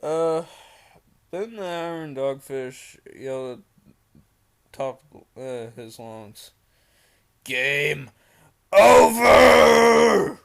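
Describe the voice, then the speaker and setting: A young man reads a creepypasta at an unhurried pace, his voice pitched in a middle range. He keeps stopping to ramble and mock the story, with plenty of fillers along the way. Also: fairly even intonation, a little mellow, smooth. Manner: rambling, with many fillers and mocking asides. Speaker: creepypasta reader. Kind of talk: reading a creepypasta with commentary.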